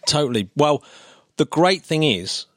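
A man's voice: on the high side, big pitch swings, a little slow, a bit bright, no room sound, studio quality. A man co-hosting a casual podcast, chatty and eager, often laughing as he explains things. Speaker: podcast co-host.

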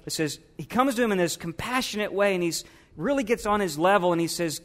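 A man's voice: high-pitched, expressive, a little fast, a bit bright. A man, a pastor, preaching a sermon and asking his congregation questions.

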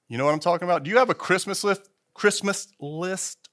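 A man's voice: on the high side, normal speed, few pauses. A man in his fifties preaching a sermon to a church congregation in a loose, conversational way, with frequent restarts. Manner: conversational, animated, with repeated restarts. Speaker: pastor.

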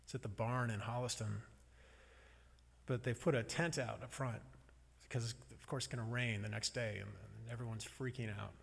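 A man's voice: mid-range voice, fairly even intonation, normal speed, creaky, husky. A man preaching a sermon in a conversational, wry and reflective way. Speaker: pastor. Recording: long reverb of a large hall.

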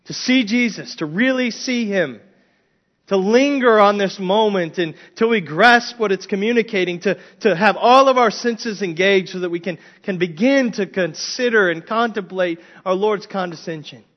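Guy preaching a sermon, kinda high voice, emphatic, dull lo-fi sound. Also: normal speed. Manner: animated, emphatic preaching with frequent restarts. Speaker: pastor. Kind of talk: expository sermon.

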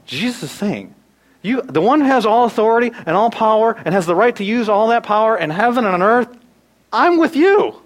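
Animated preacher, rises and drops. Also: male voice, high-pitched, brisk, poor audio. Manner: animated, swings from loud bursts to hushed asides. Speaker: pastor. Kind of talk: sermon.

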